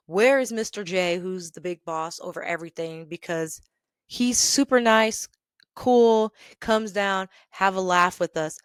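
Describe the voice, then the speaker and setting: A woman hosting a podcast, telling a workplace story in an animated, exasperated way and laughing now and then. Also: medium pitch, a little slow, clear, resonant tone, no echo, clean studio sound. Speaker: podcast host. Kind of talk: storytelling rant.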